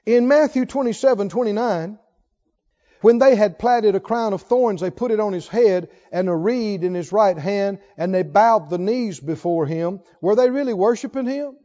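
A man's voice: sits high, normal speed, warm tone. A man preaching a sermon who puts rhetorical questions to his congregation. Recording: long hall reverb, dull lo-fi sound.

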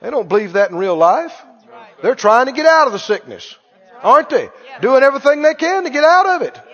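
A male preacher with a very high voice delivers an animated, emphatic sermon and repeats his key lines for stress. His voice rings with a long reverb in a church sanctuary. The recording sounds dull and lo-fi. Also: a little fast, a faint crowd.

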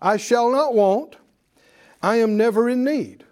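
Emphatic high-pitched preacher man. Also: a little slow, darkish tone. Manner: call-and-response preaching, emphatic repetition. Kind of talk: sermon. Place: church with congregation.

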